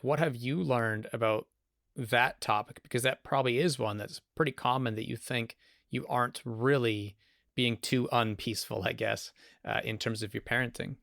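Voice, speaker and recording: Gravelly-voiced man hosting a podcast. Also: medium pitch, fairly bright tone, dry recording, studio quality. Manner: reflective, thinking aloud. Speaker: podcast host. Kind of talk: casual interview talk.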